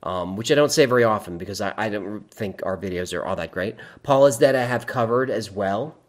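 A man's voice: lowish voice, fairly quick. A man hosting a livestream, reading chat aloud in casual talk, wry and rambling, often laughing at his own jokes.

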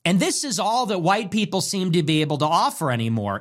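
A male political commentator with a high-sitting voice rants fairly quickly and with few pauses, in an animated style. His monologue is scornful and mocking, built on emphatic repetition.

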